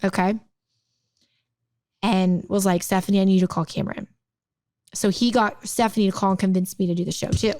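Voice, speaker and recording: A woman in her thirties, from the United States, co-hosting a podcast and telling a story in a casual, animated way, peppered with "like". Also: medium pitch, a little fast, long pauses, dry recording. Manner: animated, acts out quoted people, frequent "like". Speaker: podcast co-host.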